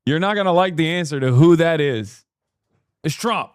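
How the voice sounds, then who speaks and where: A man in his thirties streams from his desk, reacting to clips with sarcastic, profane running commentary. His voice sits a little high for a man. The sound is dry and close, with no room around it. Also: lively intonation, normal speed, clean tone, no echo. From United States. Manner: sarcastic, profane, laughs while mocking.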